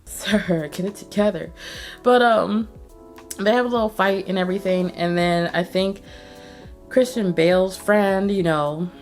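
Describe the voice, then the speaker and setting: A woman hosting a casual movie recap, telling the story in a profane, slangy, animated way. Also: mid-range voice, unhurried, soft background music. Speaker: host.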